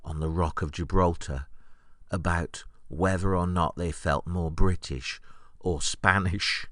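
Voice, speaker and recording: A man hosting a podcast, recounting an anecdote in a wry, deadpan storytelling monologue. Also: sits low, a little slow, no echo, studio quality. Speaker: podcast host.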